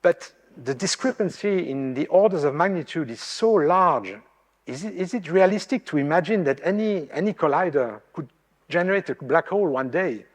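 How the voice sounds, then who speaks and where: Halting French-born male lecturer. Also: on the high side, expressive. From France. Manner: halting, many fillers and restarts, self-deprecating humour. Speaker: lecturing professor. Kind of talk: public lecture. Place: lecture hall. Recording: long hall reverb.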